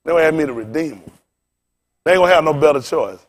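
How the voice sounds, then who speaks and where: A man in his fifties delivers an impassioned sermon in a fairly high, expressive voice, talking fast. He sounds tired and frustrated, firing off rhetorical questions and repeating phrases as his force abruptly swells and drops.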